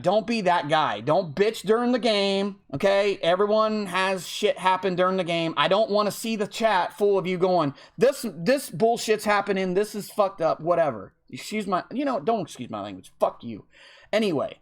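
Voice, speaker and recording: A man's voice: high-pitched, expressive, normal speed. A man in a casual unscripted monologue, running an online game league, who lectures bluntly, swears freely and keeps tacking on "okay?" to drive his points home. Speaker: online football video game league commissioner.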